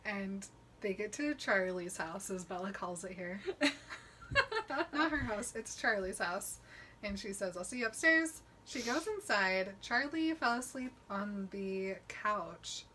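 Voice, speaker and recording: Bright-voiced woman podcast host, laughing. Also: mid-range voice, slow pace, a little hiss or hum. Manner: chatty, laughing, mock-quoting characters. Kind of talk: casual chat recapping a book.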